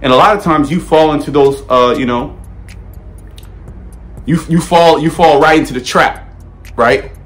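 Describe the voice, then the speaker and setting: A man's voice: fairly high pitch, a little slow, pauses often, a bit bright, soft background music. A man preaching a fiery, blunt sermon, repeating himself and checking in constantly with "okay?" and "all right?". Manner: emphatic, repetitive, peppered with "okay?" and "all right?"; frequent stammered restarts, blunt and profane.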